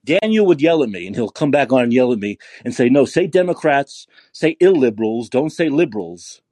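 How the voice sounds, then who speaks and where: A man's voice: medium pitch, very animated, fairly quick, dark tone, dry recording. A man hosting a podcast, delivering a profane, sarcastic political rant. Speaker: podcast host. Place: San Francisco.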